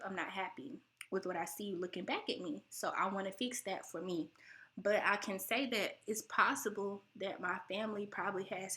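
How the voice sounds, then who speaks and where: This bright-voiced young vlogger from the United States chats casually to the camera, animated and laughing. She imitates her relatives in high voices, and there's a near-tearful quality to how she sounds.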